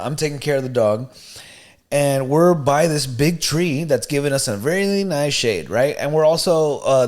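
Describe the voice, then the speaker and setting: A man co-hosting a podcast, telling a story in a casual, animated, slangy way. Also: mid-range voice. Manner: animated, slangy, "you know what I mean", "bro". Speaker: podcast co-host.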